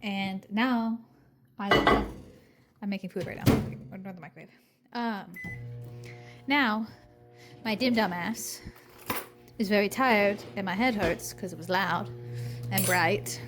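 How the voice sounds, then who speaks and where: A young woman recording a casual video diary at home, hoarse and out of breath, rambling in a tired voice and swearing often. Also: medium pitch, takes it slowly, long pauses, music in the background. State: hoarse from singing; out of breath from pacing. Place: home kitchen, microwave running.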